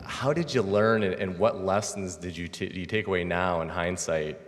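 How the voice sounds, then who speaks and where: A man moderating an interview in front of an audience, asking measured, supportive questions. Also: low voice, a little hiss or hum. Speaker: event host and moderator. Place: lecture hall with audience. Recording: echoey hall.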